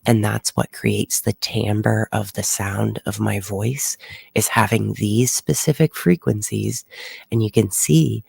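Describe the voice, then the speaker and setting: A man's voice: fairly low pitch, fairly even intonation, slow pace, gravelly, darkish tone, slightly rough, no echo. A man hosting a weather livestream, explaining at length and rambling with fillers and restarts, close to his microphone.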